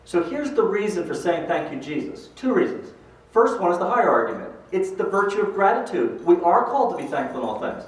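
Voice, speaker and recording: A man's voice: high voice, brisk, recorded from a distance. Older man telling stories in an echoey hall. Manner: animated storyteller acting out quoted voices. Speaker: speaker at a pro-life event. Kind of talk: motivational talk with stories.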